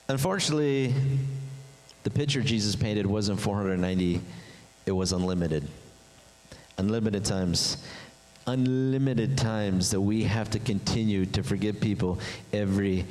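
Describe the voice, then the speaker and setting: A man preaching a sermon as pastor, animated, jumping his pitch up high to act out voices. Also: moderate pace. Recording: long hall reverb.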